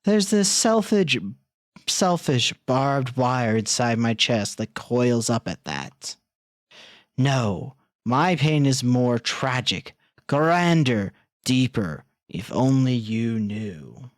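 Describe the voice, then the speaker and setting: A man streaming a game live, reading its text aloud in an unhurried, musing way and turning flustered when something breaks. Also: medium pitch, expressive, dry recording, studio quality.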